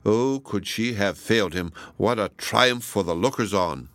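Man, audiobook narrator, low voice, dry close recording, measured pace. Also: fairly bright tone, dry recording. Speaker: audiobook reader. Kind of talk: scripted narration.

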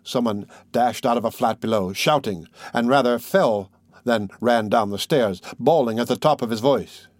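A man reads a classic novel aloud in a steady, measured way, at a mid pitch. The recording is dry and close, with no room sound. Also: no echo. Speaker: audiobook narrator. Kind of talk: scripted narration.

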